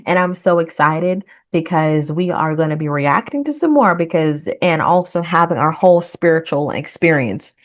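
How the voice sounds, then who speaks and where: A woman with a low, deep-set voice talks through her reaction to a trailer in a relaxed, chatty way. She speaks with earnest conviction and leans into encouraging, faith-tinged words when she signs off. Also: moderate pace. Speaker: reaction vlogger. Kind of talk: casual reaction commentary.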